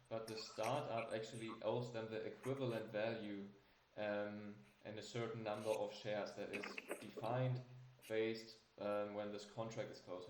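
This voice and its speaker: A man moderating a webinar presentation, speaking haltingly with many filler sounds. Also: fairly low pitch, darkish tone, slight background noise. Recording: roomy echo.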